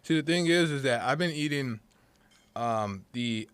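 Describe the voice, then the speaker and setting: Relaxed rambling male guest. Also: medium pitch, measured pace, clean tone, dry recording. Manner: relaxed, rambling, many fillers. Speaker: podcast guest. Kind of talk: casual chat.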